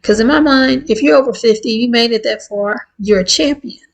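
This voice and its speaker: A woman in her fifties talking candidly and warmly to her viewers in a casual, heartfelt vlog. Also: on the high side, moderate pace, vocal fry, rough recording. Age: 50s. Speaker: vlogger. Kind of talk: casual chat to camera.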